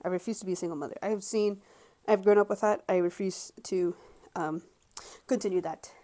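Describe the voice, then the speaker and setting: A woman's voice: medium pitch, fairly even intonation, brisk, mellow. Twenties woman, casual home vlog to camera; rambling, frank, filler-heavy delivery. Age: 20s. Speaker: vlogger.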